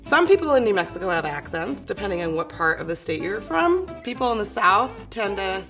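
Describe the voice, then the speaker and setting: A woman's voice: mid-range voice, very animated, a little fast, fairly bright tone. A woman in a documentary interview clip, chatting about the way people in her state talk. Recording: clip with music behind.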